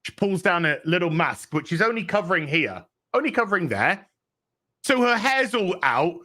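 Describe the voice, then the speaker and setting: A man's voice: high voice, big pitch swings, normal speed, pushed and bright. A man hosting a podcast, ranting casually and sarcastically about a show, swearing a lot and acting out the characters' lines in exasperated voices. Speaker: podcast host. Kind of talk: casual review rant.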